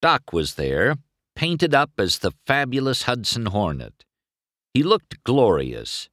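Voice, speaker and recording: A man reading a storybook aloud as narrator, with expressive, unhurried storytelling. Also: medium pitch, dry recording, clean studio sound.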